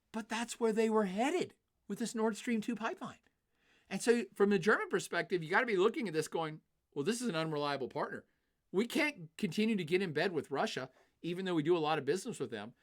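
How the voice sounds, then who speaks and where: A man giving casual live-streamed political commentary, chatty and animated, reading viewer comments and acting out quoted nations. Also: on the high side.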